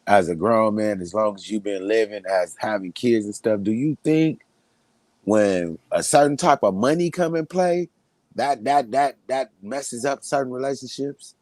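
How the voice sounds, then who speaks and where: A man's voice: on the low side, moderate pace, a little mellow, no room sound. A man hosting a casual talk show who prods his guest with conversational questions. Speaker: host.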